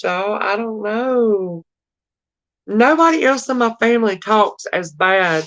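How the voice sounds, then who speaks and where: Southern woman, live seller, unhurried, folksy, calls viewers y'all. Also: medium pitch, lively intonation, fairly bright tone. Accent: Southern US drawl. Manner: chatty, addresses viewers as y'all and darling. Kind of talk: casual live-stream selling.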